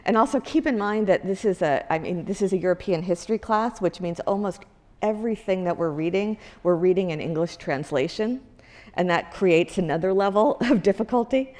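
A woman's voice: mid-range voice, brisk, darkish tone. A woman lecturer giving a university lecture in a conversational way, with many fillers and self-corrections. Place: lecture hall.

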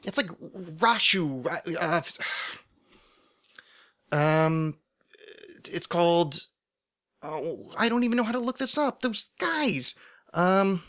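A man's voice: high-pitched, expressive, slow pace, pauses often, fairly bright tone. A man hosting a solo podcast, rambling in a loose monologue with many fillers, restarts and frequent swearing. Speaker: podcast host.

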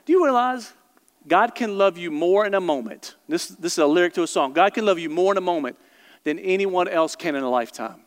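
A male pastor with a high voice preaches with passion, repeating and stressing his phrases as he speaks straight to the congregation. His sermon rings through a large church hall with a long reverb tail. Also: expressive, fairly quick.

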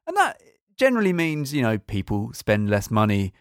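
A man's voice: mid-range voice, huge pitch swings, moderate pace, dry recording, clean studio sound. A man co-hosting a podcast in comic casual chat, playful, teasing and theatrical. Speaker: podcast co-host.

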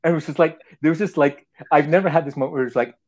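A man from Canada, a guest telling a long story in an animated way, laughing often and restarting his sentences. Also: fairly high pitch, racing, low-quality recording. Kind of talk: anecdotal storytelling.

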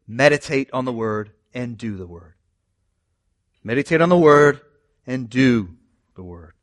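Male pastor, slightly high voice, animated sermon delivery with joking asides. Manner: animated preaching, rising loud on scripture quotes, asides to the congregation. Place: church.

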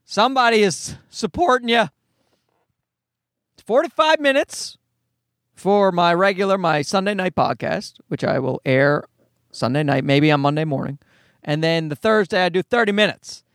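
A man's voice: high-pitched, normal speed, long pauses, fairly bright tone, no echo, studio quality. A man in his forties hosting a casual solo podcast, rambling, swearing freely and poking fun at himself. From Canada. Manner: rambling, profane, self-deprecating. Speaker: podcast host.

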